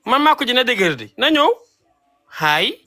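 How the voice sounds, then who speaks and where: A man's voice: very high-pitched, big pitch swings, bright, forceful tone, faint music behind. A man from Gambia arguing defiantly on a live stream. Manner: defiant, rapid. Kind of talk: heated live stream argument.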